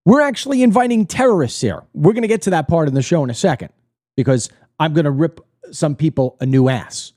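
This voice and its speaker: A man's voice: on the high side, animated, a little fast, warm tone, no room sound, studio quality. A middle-aged man from the United States hosting his own political commentary show, delivering a blunt, indignant monologue to camera and repeating words when he gets worked up.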